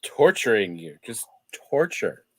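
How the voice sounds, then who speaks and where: Podcast co-host, medium-low voice, dry studio sound, wry commentary. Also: big pitch swings, measured pace, slightly rough, dry recording. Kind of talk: casual chat.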